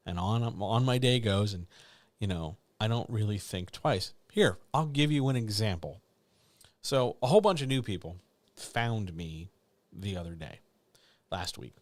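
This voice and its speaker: Low-voiced candid man on a live chat. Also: expressive, measured pace, no echo. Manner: candid, rambling, self-deprecating. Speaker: writing coach and editor hosting a live chat. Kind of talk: casual livestream chat.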